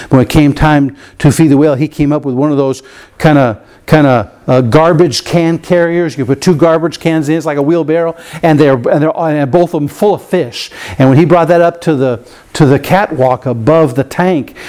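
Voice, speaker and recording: A man preaching in a church, telling a personal story with lots of repeated words and big swings in pitch for emphasis. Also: mellow. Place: church room with a piano.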